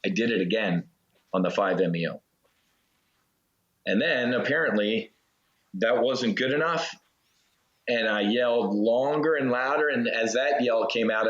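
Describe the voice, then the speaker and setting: A man, a former Navy fighter pilot, telling a personal story as an interview guest in an earnest, halting way with restarts. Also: on the low side, fairly bright tone. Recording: roomy, slightly dull audio.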